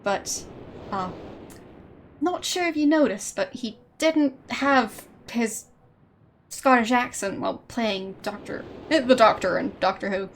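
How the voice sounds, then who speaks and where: A woman's voice: fairly high pitch, unhurried, slight background noise. A young woman streamer with a faint Austrian German accent blended with British tones, chatting casually and hesitantly while gaming. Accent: slight Austrian German, mixed with British. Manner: hesitant, thinking aloud, laughs often.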